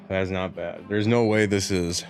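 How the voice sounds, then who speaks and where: A man's voice: sits low, fairly even intonation, measured pace, soft background music. A man hosting a comedic podcast with rambling, jokey banter and a mock-salesman patter. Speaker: podcast host.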